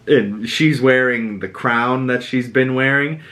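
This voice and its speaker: A man with a Boston accent recapping a TV episode as a podcast host, animated and sweary, acting out characters' lines. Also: takes it slowly. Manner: animated, quotes characters with dramatic pitch jumps and swearing. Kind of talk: casual recap monologue.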